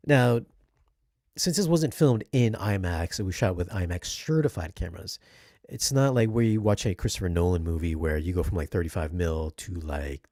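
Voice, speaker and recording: Man, lowish voice, casual disc review, rambling, self-correcting, dry close sound. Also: darkish tone, no echo. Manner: chatty, rambling, self-correcting, asks viewers questions. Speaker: home theater video reviewer.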